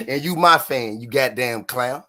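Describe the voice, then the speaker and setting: A man's voice: mid-range voice, pushed and bright. A man from Memphis, Tennessee, hosting a live stream and taunting his chat with mocking, repeated jabs and frequent laughter.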